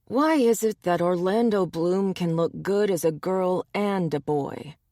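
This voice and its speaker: A woman's voice: lowish voice, measured pace, mellow, dry recording, studio quality. A woman narrator voicing a playful, teasing young male werebear in an audiobook. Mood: cheeky. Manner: teasing, cheeky.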